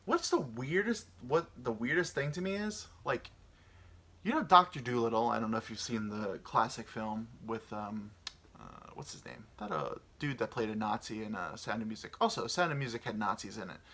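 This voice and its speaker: A man's voice: mid-range voice, lively intonation, moderate pace, bright, forceful tone, husky. A man in his thirties hosting a rambling solo chat. He meanders, muses aloud and swears casually, and he sounds tired from little sleep. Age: 30s. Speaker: podcast host.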